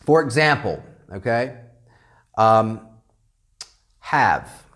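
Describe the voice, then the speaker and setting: Casting note: American male English teacher, lively rising-falling delivery, unhurried classroom lecture, keeps asking "okay?". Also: a little high. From United States. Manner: animated, checks in constantly with "okay?".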